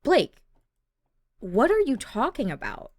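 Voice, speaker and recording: A woman's voice: on the high side, wildly swooping pitch, takes it slowly, darkish tone, no room sound, voice pushed up, heavily acted. A woman voicing a young female student who sounds earnest, a bit defensive and hurt. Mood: upset.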